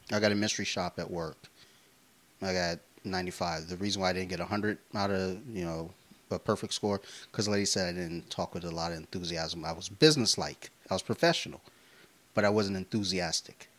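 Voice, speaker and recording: A man in his thirties co-hosting a podcast, telling stories in a casual, profane, animated way. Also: sits low, moderate pace. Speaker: podcast co-host. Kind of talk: casual chat.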